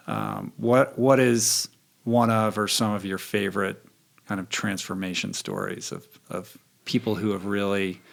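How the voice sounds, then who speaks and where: A man's voice: lowish voice, vocal fry, fairly bright tone. A man hosting a podcast, asking his guest questions in casual chat, thoughtful and searching for words. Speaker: podcast host.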